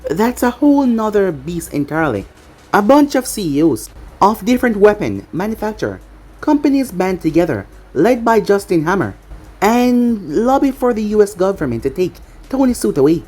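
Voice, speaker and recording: A woman's voice: mid-range voice, big pitch swings, moderate pace, warm tone, husky. A woman reading the lines of a tough, wry female spy in a storybook reading, in a dry, unbothered way.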